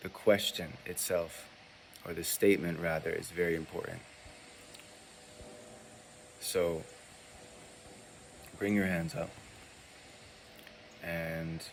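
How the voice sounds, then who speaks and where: A man who mentors people in spiritual practice, teaching a calm, deliberate demonstration and repeating short phrases. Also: low voice, a little hiss or hum.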